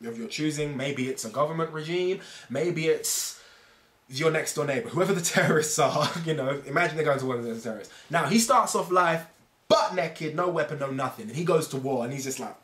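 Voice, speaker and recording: A man's voice: on the high side, brisk. Man, fitness vlogger, casual rambling explainer, roomy echo. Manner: animated, rambling, fond of analogies. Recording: echoey room.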